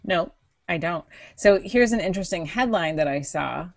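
A woman's voice: fairly low pitch, animated, moderate pace, no echo. Giggly woman co-hosting a tech podcast. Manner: giggly, chatty, self-interrupting. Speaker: podcast co-host. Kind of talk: casual tech podcast chat.

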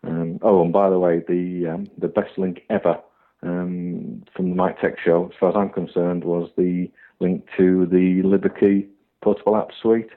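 A man's voice: sits low, level tone, moderate pace. A man leaving a hesitant voicemail for a podcast, full of ums. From Hull, Northern England. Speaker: caller. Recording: tinny phone-like voicemail.

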